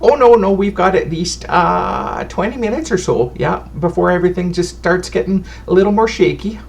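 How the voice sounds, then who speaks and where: A man's voice: high-pitched, normal speed, gravelly, voice pushed up. A man voicing a sweet, fussy little old woman fortune teller who chats in a folksy way and calls people darling and honey. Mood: fussing.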